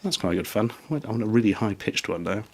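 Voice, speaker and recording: A man's voice: on the low side, animated, quick pace, very noisy. Dry-humoured man reviewing gadgets. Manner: dry, self-mocking asides. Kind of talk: casual gadget review vlog.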